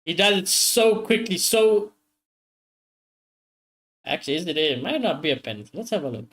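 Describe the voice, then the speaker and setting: A high-voiced man streams a live football watchalong. He reacts loudly to every chance, swears freely and keeps calling out to his viewers. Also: moderate pace. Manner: excitable, swears often, talks straight to viewers.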